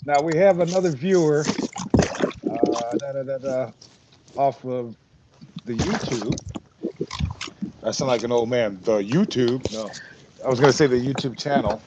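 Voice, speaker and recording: A man's voice: medium pitch, moderate pace. A man hosting from a fishing boat, talking easily and giving practical advice to his partner. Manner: relaxed, advising, chuckles often. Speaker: host angler. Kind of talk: casual chat while fishing. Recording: dull lo-fi sound with steady noise.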